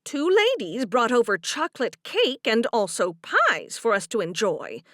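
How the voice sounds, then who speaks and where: A woman voicing a stern older woman who scolds the children in a shrill, hissing voice. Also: huge pitch swings, measured pace, fairly bright tone, dry recording, studio quality, exaggerated voice. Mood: firm.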